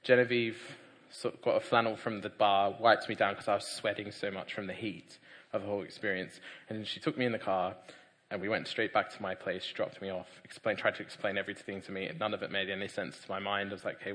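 A young man giving a personal testimony, animated, laughing often and acting out other people's voices. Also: lowish voice, fast talker, big-room sound. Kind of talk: personal conversion storytelling.

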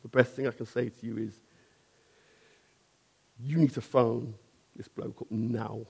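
Man, gravelly husky voice, earnest conversational testimony, checks in with listener. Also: mid-range voice, steady tone, a little slow, warm tone. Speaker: painter and decorator telling a personal testimony. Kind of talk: personal testimony storytelling.

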